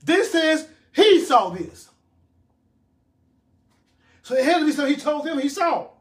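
A man's voice: very high-pitched, very animated, a little slow. A man preaching a sermon, reading scripture aloud and repeating words for emphasis.

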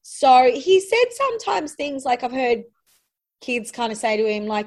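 A woman's voice: high-pitched, lively intonation, moderate pace, a little mellow. A woman, a podcast guest talking candidly and reflectively, often trailing off and starting over. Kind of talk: candid conversational interview.

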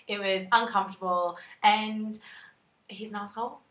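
A woman, telling a dating story in casual chat, animated and swearing freely. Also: medium pitch, normal speed. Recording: roomy echo.

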